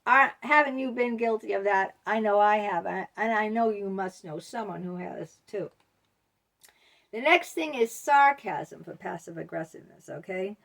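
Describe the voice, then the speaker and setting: A woman's voice: medium pitch, moderate pace, creaky, fairly bright tone. A woman vlogger talking casually to camera, rambling with many ums and you-knows.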